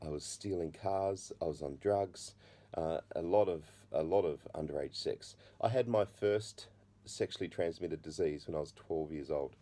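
Man, middle-aged, very low voice, dark tone, testimony talk, halting restarts, slight cough. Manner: halting, many restarts and fillers. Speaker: speaker giving his testimony.

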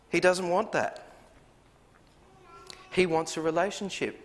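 Earnest preacher in a reverberant hall. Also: male voice, high-pitched, steady tone, slow, long pauses. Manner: earnest, rhetorical questions, acts out quoted voices. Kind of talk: sermon.

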